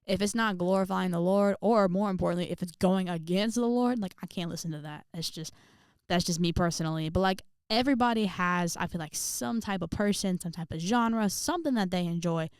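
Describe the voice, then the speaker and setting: This vlogger speaks on the low side, fairly quickly, with a clear, resonant tone captured dry in studio quality. She's a young woman from Indiana, USA, recounting a story in an animated, chatty way, full of fillers and quotes she acts out.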